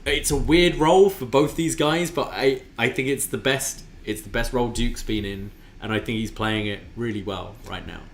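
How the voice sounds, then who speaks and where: A man's voice: medium pitch, moderate pace, hardly any pauses, slight background noise. A man co-hosting a casual wrestling review podcast, talking with enthusiasm and often restarting his sentences. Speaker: podcast co-host.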